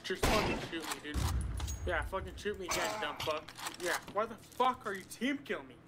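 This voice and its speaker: Hostile gamer who swears nonstop, fairly high voice, heavy noise over the game chat line. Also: male voice, expressive, a little fast. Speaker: online player.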